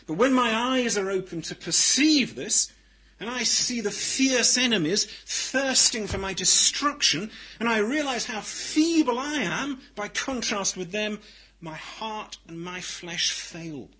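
A man delivers a sermon in a high, bright voice with a husky edge. He phrases each line deliberately and with emphasis, then swings from near-whispered passages up to ringing declarations. The tone stays bright even at its quietest. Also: poor audio. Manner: dramatic swings from loud declaration to hushed tones. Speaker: preacher.

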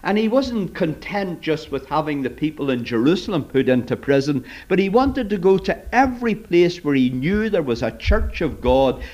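A man's voice: fairly high pitch, sing-song, moderate pace, few pauses, a little mellow. A man preaching to children, retelling a Bible story in a storytelling manner and addressing them directly. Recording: dull lo-fi recording.

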